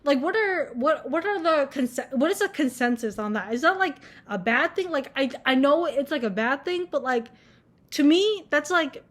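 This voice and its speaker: A woman's voice: sits high, animated, moderate pace. A young woman in college ranting casually to camera, blunt and full of swearing and filler words. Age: young adult. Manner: blunt, swears a lot, many filler likes. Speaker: vlogger.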